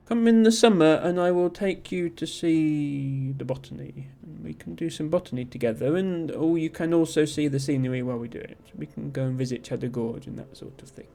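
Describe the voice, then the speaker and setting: Rambling through viewer messages, a self-deprecating streamer from Somerset, southwest England, talks casually in a generic Southern English accent. He has a fairly high, creaky, dark voice, speaking at normal speed and barely pausing.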